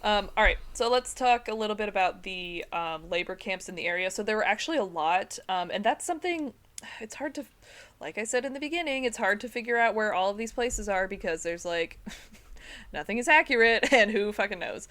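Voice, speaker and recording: A woman's voice: mid-range voice, lively intonation, brisk, a bit bright. Chatty laughing woman podcaster. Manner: chatty, self-deprecating, laughs often. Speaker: podcast co-host presenting the topic. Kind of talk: casual podcast chat.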